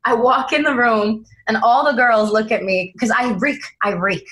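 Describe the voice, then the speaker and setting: A young woman, an actress being interviewed, telling dramatic anecdotes in a lively, animated way. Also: a little high, moderate pace. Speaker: actress guest.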